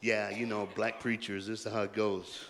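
A man preaching a sermon in a loose call-and-response style, joking in colloquial asides and swinging between shouted rallying lines and hushed, quiet talk. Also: lowish voice, flat delivery, moderate pace, a little hiss or hum. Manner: jokey, colloquial and emphatic. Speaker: pastor. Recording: long hall reverb.

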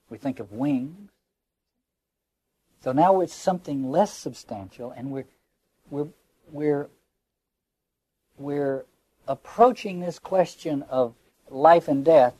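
Man, literature lecturer, somewhat raised pitch, husky voice, dry close sound, reflective and halting. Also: warm tone, dry recording. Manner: reflective, quotes lines aloud with emphasis; repeats words while searching for phrasing.

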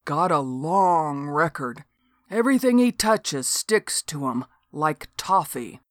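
Lady putting on a big easygoing lawman, low slow drawl, dry sound. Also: animated, dry recording. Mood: matter-of-fact. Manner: slow drawl, matter-of-fact. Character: gruff big Southern lawman, laid-back.

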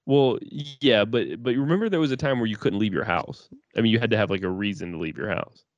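A low-pitched man in loose podcast banter. He swears freely and trips over his restarts. The sound is dry and close, with no room echo. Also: a little fast, muffled recording. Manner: laid-back, swears often, lots of fillers and restarts. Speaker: podcast co-host. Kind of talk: casual chat.

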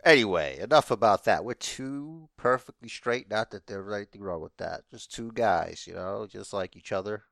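A man's voice: fairly low pitch, brisk, gravelly, hardly any pauses, a bit bright, no room sound, studio quality. A man co-hosting a podcast in casual chat, teasing his partner and delivering mock-serious asides. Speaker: podcast co-host.

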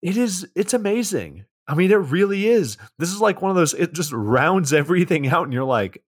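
A man's voice: high-pitched, sing-song, normal speed, hardly any pauses, dry recording, studio quality. A man co-hosting a podcast, retelling a film plot in laid-back casual chat and swearing freely. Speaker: podcast co-host.

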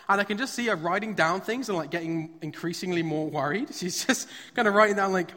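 A man's voice: high voice, fast, hardly any pauses, fairly bright tone. A man preaching a sermon at a live church service. He talks in a conversational, storytelling way and uses frequent fillers. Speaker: pastor. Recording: long reverb of a large hall.

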